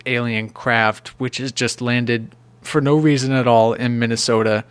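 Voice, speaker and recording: A man's voice: medium pitch, steady tone, a little slow, clean tone, no echo. A man casually recapping a movie plot on a podcast, rambling and joking. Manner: rambling, jokey, puts on silly voices. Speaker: podcast co-host. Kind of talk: casual movie review chat.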